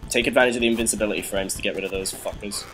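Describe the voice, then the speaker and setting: Low-voiced guy cursing at a hard game. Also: steady tone, racing, music in the background, low-quality recording. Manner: frustrated, swearing, laughing at himself. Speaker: let's play host. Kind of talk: casual game commentary.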